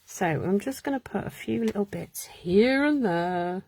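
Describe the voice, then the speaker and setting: A woman's voice: mid-range voice, animated, unhurried, darkish tone. Chatty woman crafting live. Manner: chatty, muttering to herself, laughs often. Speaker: crafter hosting a live card-making stream. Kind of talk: casual live crafting chat.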